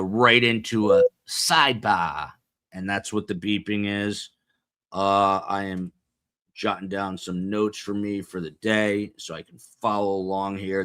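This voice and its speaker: A man's voice: sits low, fairly bright tone, no echo, studio quality. A man hosting a live stream, casually rambling and joking as he reads out where his viewers are tuning in from. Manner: rambling, jokey, reading out viewer locations. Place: small office beside a studio.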